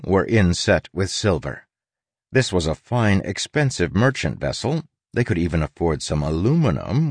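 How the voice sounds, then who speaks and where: A man reading an audiobook in an expressive, measured narration. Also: deep voice, husky, dry recording, clean studio sound. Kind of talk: scripted narration.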